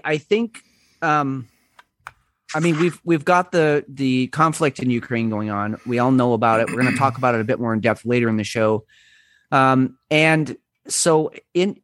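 A man's voice: medium pitch, a bit bright, dry recording. A man hosting a casual podcast, rambling through his points with restarts and wry asides. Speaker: podcast host.

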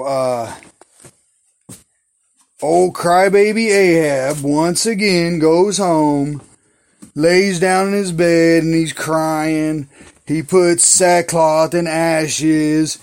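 A man's voice: fairly high pitch, fairly even intonation, drawn-out words, darkish tone. A man casually retelling Bible stories in a rambling, folksy, slangy way. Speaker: Bible storyteller.

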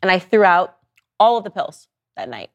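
Woman podcast host, lowish voice, animated storytelling, personal monologue. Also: moderate pace, lo-fi sound.

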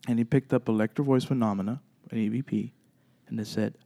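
A man with a warm, mellow voice tells stories from his paranormal investigation group in a chat. He stumbles through fillers and restarts, then slips into the voices of the people in his story. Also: mid-range voice, steady tone, vocal fry. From Texas. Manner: halting, many fillers and restarts, acts out dialogue.

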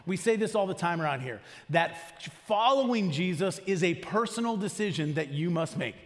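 Conversational pastor in a reverberant hall. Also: male voice, high-pitched, expressive, normal speed. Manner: conversational preaching, asks the congregation questions. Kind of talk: sermon. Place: church auditorium.

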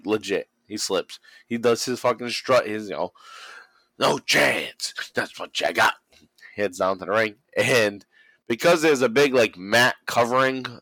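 On a rough recording with no echo, a podcast host with a lowish, fairly bright voice chats casually about wrestling. His storytelling is loaded with swearing and laughs, and he does impressions of the people he quotes.

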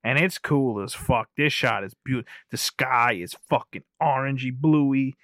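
A man of ordinary pitch chats loosely through an anime film recap, rambling and profane. He laughs easily and skips ahead with "blah, blah." His voice sits close and dry on the mic. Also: normal speed, fairly bright tone, dry recording. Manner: rambling and profane, laughs often, skims with "whatever". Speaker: podcast co-host.

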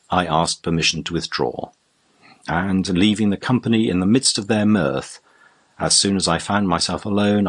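A man narrating a classic novel as an audiobook in a measured, formal storytelling manner. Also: deep voice, a bit bright, husky.

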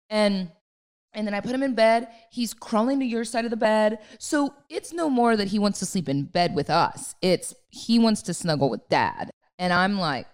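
Chatty woman, low voice. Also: clear, resonant tone. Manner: animated storytelling with many fillers. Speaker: podcast co-host. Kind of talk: casual chat.

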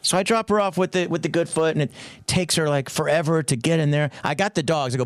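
Man, middle-aged, radio co-host, excitable storytelling, higher voice, dry studio sound. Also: fast, no room sound. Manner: excitable, acts out quotes in raised voice. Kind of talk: animated storytelling chat.

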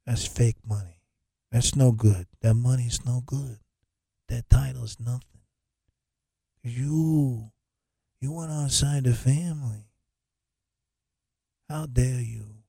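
Man putting on a gruff mob boss, lower voice, scolding, dismissive, dry close sound. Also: takes it slowly, long pauses, warm tone, dry recording, exaggerated voice. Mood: scornful.

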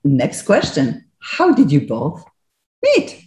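A woman's voice: low voice, expressive, measured pace, a little mellow. A woman with a Polish accent hosts a radio interview with eager enthusiasm. Her English is a little broken. The sound has a roomy echo. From Poland. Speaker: radio host.

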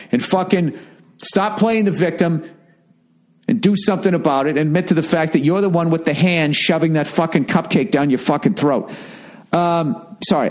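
A man's voice: a little high, a little mellow. A middle-aged man hosting a show, answering listener letters in a blunt, rambling, heavily profane way. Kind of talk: casual advice rant.

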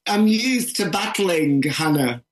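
Animated northern English man. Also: high voice, slow. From northern England. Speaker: author. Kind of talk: interview conversation.

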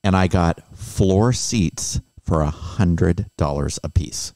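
A man's voice: sits low, takes it slowly, a little mellow, no room sound, clean studio sound. A man co-hosting a podcast, trading wry jokes in casual banter. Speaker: podcast co-host. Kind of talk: casual chat.

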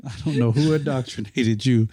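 A man's voice: mid-range voice, warm tone, breathy edge, dry recording, clean studio sound. A man co-hosting a podcast in casual chat, emphatic, laughing often and repeating himself as he makes a point. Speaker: podcast co-host.

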